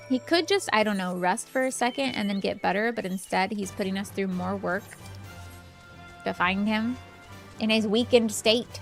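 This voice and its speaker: A woman streamer chatting casually during a game in a relaxed, chatty way. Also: medium pitch, normal speed, gravelly, faint music behind. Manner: relaxed, chatty, hums along. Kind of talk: casual gameplay chat.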